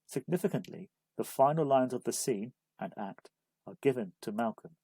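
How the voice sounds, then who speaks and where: A man giving a measured, scripted narration of a literature study guide. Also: medium pitch, lively intonation, mellow, breathy edge, no room sound, rough recording. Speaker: literature explainer.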